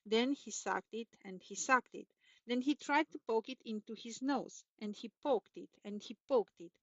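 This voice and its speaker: A woman's voice: on the high side, moderate pace, dry recording. Woman storyteller, children's story reading, lilting repetitive telling, dry close sound, muffled. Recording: dull, dry recording.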